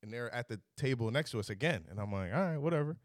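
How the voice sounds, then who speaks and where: A man's voice: mid-range voice, animated, fast talker, no echo, clean studio sound. A young man hosting a podcast, telling a story in casual chat and acting out both sides of the exchange. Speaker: podcast host.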